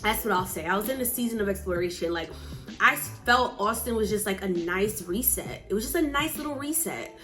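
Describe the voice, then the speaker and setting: Young woman, from New Jersey, casual vlog storytelling, animated, faint background music. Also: medium pitch, brisk. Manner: chatty, animated, acts out quotes. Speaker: vlogger.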